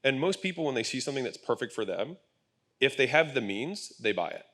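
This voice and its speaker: A man's voice: mid-range voice, very animated, a little fast, a bit bright. A man speaking on stage at a business event, explaining his ideas in a blunt, emphatic way, with casual swearing. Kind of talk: conversational panel talk. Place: event stage with live audience.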